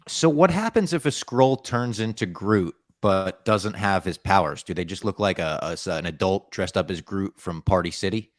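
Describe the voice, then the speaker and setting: A man's voice: low voice, animated, normal speed, hardly any pauses, dry recording, clean studio sound. A man hosting a podcast in casual chat, making wry, offhand remarks. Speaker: podcast host.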